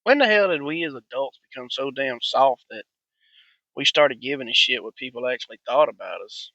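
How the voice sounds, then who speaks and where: A man's voice: mid-range voice, expressive, brisk, pushed and bright, dry recording, highs cut off. A man, hosting a profane, blunt, rambling monologue. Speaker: podcast host. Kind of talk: ranting monologue.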